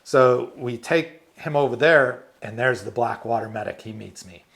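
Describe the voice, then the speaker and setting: Animated retired army medic telling war stories. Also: male voice, medium pitch, moderate pace, creaky. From United States. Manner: animated storyteller, laughs often, acts out quotes. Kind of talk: storytelling interview.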